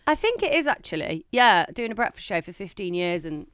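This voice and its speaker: A thirtysomething podcast co-host tells stories briskly and vividly on a casual chat show, voicing quotes with sharp jumps in pitch. The studio-quality recording is echo-free, and her tone is clear and resonant.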